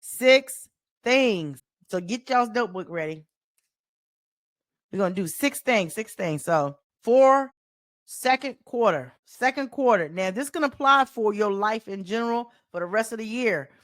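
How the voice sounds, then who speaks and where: A woman with a light Southern US accent talks straight into a close mic, coaching her podcast listeners. Her delivery is animated and folksy, and she repeats key phrases like a preacher driving a point home. The sound is dry, with no room echo. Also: mid-range voice, a little slow. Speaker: life coach and podcast host. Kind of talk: solo motivational podcast talk.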